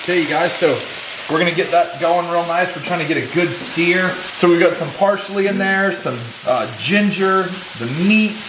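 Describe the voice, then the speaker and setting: A man's voice: high-pitched, moderate pace, noisy background. Folksy Southern man cooking. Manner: emphatic, folksy, talks straight to viewers. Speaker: fishing channel host cooking for a guest. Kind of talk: casual on-camera chat while cooking. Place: home kitchen, indoors. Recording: echoey kitchen. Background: food sizzling in a pan.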